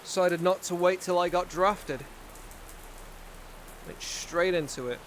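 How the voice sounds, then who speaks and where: A man voicing a young male sergeant in a casual roleplay, rambling and pausing to search for words. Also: high-pitched, a bit bright, slight background noise. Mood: reminiscing. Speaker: roleplay player.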